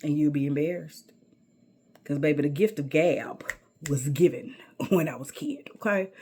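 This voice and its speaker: Middle-aged woman, low husky voice, sassy personal storyteller. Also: moderate pace, darkish tone. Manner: sassy, emphatic, calls listener baby.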